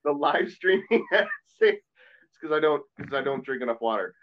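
A man's voice: on the high side, sing-song, moderate pace, lo-fi sound. A man who is a Catholic priest, chatting earnestly and at length on a podcast. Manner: earnest, talkative, self-deprecating. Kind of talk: casual podcast chat.

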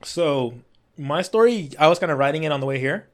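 Fast-talking, profane man on a podcast. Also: on the high side. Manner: profane, animated, swears a lot. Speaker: podcast co-host. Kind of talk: casual chat.

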